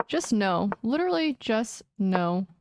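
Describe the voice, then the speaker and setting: A woman's voice: a little high, big pitch swings, measured pace, dry recording, studio quality. A young woman streaming chess, muttering anxious, casual commentary to herself and repeating words as she plays. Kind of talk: casual live-stream commentary while playing.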